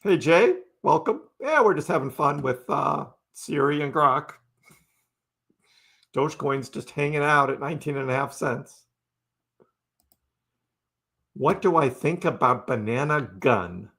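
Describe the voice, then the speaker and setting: A man's voice: fairly high pitch, animated, a little slow, vocal fry, fairly bright tone, husky. A man hosting a casual crypto live stream, chatting loosely, laughing often and answering viewers by name. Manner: chatty and laid-back, laughs often, talks to chat by name.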